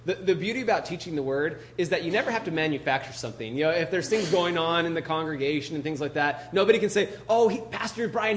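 A male pastor preaching a casual, joking sermon and reading scripture, full of "you know" and "like". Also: fairly high pitch.

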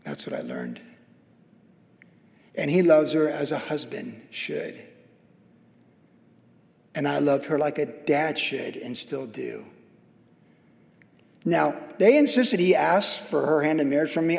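A man's voice: fairly high pitch, very animated, normal speed, gravelly, long pauses, darkish tone. A middle-aged man who is a pastor, giving a sermon in a conversational, anecdotal and humorous way. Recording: reverberant hall.

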